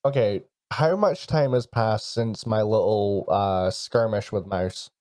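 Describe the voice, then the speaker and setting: A man plays a tabletop game, speaking courteously in character and often stumbling over his words. His voice is low and mellow. The sound is dry and close. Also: no room sound. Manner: polite, halting, many restarts in character. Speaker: player.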